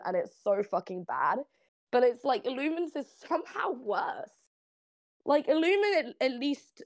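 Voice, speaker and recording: A woman's voice: mid-range voice, no room sound. A woman with a slightly British accent, ranting bluntly and profanely in a casual voice chat, often restarting her sentences. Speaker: voice chat participant. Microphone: computer mic in voice chat.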